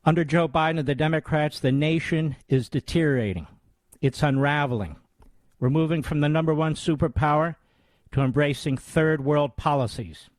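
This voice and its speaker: A man's voice: fairly high pitch, normal speed, no echo. Combative radio host in his 60s, dry. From United States. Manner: combative, scornful, emphatic. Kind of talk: talk radio commentary.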